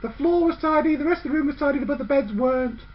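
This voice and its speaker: High-voiced woman telling a story. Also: quick pace. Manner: bossy narrator who acts out the girls' lines. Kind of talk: playful storytelling. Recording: dull lo-fi recording.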